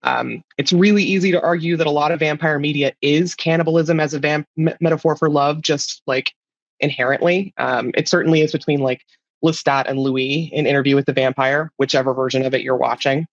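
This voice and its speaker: A woman's voice: deep voice, fairly even intonation, brisk, no echo, dull audio. A woman giving a casual, chatty talk as a guest speaker, informal and laid-back, sometimes swearing.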